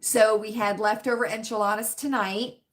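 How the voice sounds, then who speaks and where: A Virginia woman with a light Southern accent hosts a relaxed livestream, reading chat and often asking "right?" or "you know what I mean?" Her voice is medium in pitch, with fairly steady intonation and a moderate pace.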